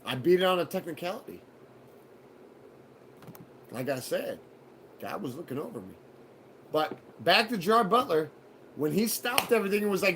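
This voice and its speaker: A man with a high-pitched voice tells a story on a live show. He swears often, acts out the other voices with lots of energy, and a faint hum of ambience sits underneath him. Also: moderate pace, pauses often. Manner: profane, animated retelling with acted quotes. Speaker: show host telling a personal story. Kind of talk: casual storytelling.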